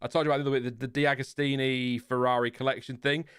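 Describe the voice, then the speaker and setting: Lincolnshire guy chatting on a stream, calm flat voice, rambly, dry close mic. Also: mid-range voice, fast talker, clean tone, no room sound. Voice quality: calm, fairly flat intonation. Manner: chatty, rambling, laughs often, trails off. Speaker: livestream host. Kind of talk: casual chat reading live comments.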